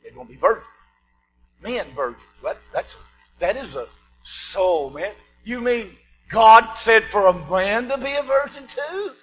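A man preaching a sermon, swinging between shouted preaching and low asides. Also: expressive, measured pace, lo-fi sound.

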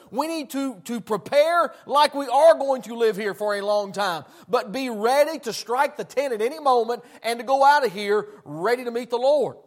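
High-voiced emphatic preacher man. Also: a bit bright. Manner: emphatic, repeats words when restarting. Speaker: pastor. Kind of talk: sermon. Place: church.

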